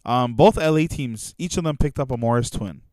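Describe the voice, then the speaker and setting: A man's voice: mid-range voice, fairly quick, darkish tone, dry recording. A young man co-hosting a sports podcast, talking casually and animatedly with fillers and laughs. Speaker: podcast co-host.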